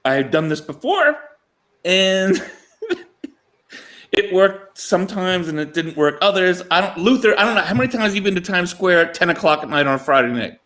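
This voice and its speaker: Male sports-show co-host, tenor-leaning voice, animated storyteller who laughs between lines. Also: sits high, normal speed. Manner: animated anecdote-telling, chuckling mid-sentence. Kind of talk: casual storytelling chat.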